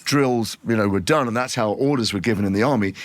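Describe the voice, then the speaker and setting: A middle-aged man from Liverpool with a softened Liverpool accent, telling long rambling stories in a podcast interview. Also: lowish voice, quick pace. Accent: refined Liverpool English. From Liverpool, England. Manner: rambling, animated storyteller with many restarts. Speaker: actor guest.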